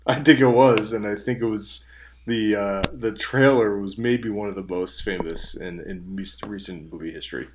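A man's voice: fairly low pitch, moderate pace, background noise. A man co-hosting a casual podcast, teasing his partner in a playful way. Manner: playful, teasing, fond of big claims. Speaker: podcast co-host.

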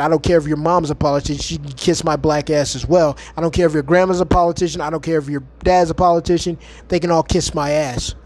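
A man hosting a podcast, delivering a heated, mocking and profane ranting monologue from home. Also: on the high side. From United States. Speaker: podcast host.

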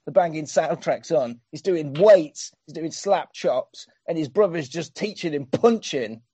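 A man's voice: fairly high pitch, measured pace, dark tone, husky, dry recording. A man doing a comic, sweary, sarcastic recap of a film as a podcast host.

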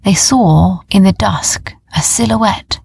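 A woman narrating a children's story in a gentle, unhurried way, sometimes dropping to a near whisper. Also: mid-range voice, gravelly, slightly rough, no room sound.

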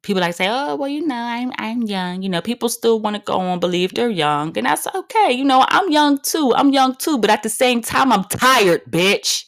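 A woman's voice: fairly high pitch, animated, normal speed, few pauses, fairly bright tone. Brash, profane woman ranting in her thirties. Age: 30s. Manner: brash, profane and emphatic, repeating lines for punch; blunt and confrontational. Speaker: podcast host. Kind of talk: comedic rant monologue.

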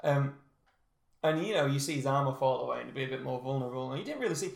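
A man's voice: medium pitch, animated, quick pace, gravelly, roomy sound. A man co-hosting a casual film review chat, joking around and putting on silly voices when he quotes someone. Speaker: podcast co-host.

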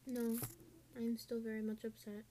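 A woman's voice: fairly high pitch, monotone, moderate pace, mellow, slight background noise. A teenage girl in a casual vlog, ranting in an exasperated, sarcastic way about her online class. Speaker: student vlogger.

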